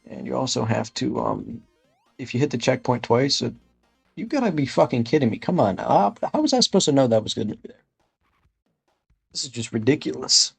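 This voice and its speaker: A man doing comedic gameplay commentary in an impression of a gaming creator, rambling through absurd deadpan jokes and cursing in frustrated outbursts. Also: mid-range voice, brisk, gravelly, husky, faint music behind.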